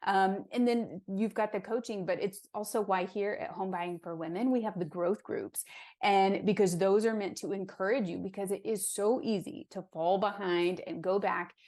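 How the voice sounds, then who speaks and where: A woman's voice: medium pitch, fairly even intonation, normal speed. A woman hosting a podcast interview, affirming her guest and encouraging the listeners. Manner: warmly affirming, encouraging, reads quotes aloud. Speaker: podcast host.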